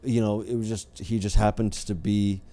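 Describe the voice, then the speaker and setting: Wry low-voiced man with a dark tone. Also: little pitch movement, moderate pace. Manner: wry, critical, hesitant with many fillers. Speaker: podcast co-host. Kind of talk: casual chat.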